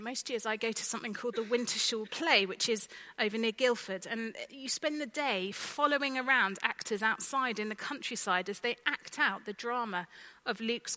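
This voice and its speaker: A woman's voice: medium pitch, poor audio. A woman preaching a conversational sermon and asking the congregation direct questions. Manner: conversational, lively, asks the listeners direct questions.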